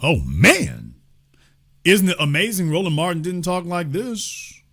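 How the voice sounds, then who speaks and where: A middle-aged man delivers a heated political monologue as host. His voice sits a little high and swoops with lively intonation. He sounds emphatic and sarcastic, jumping from loud outbursts to low muttered asides. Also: unhurried, breathy edge.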